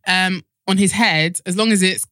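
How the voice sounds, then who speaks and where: A woman's voice: on the low side, normal speed, a bit bright, no echo, clean studio sound. A young woman, co-hosting a casual chat in a frank, rambling way. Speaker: podcast co-host.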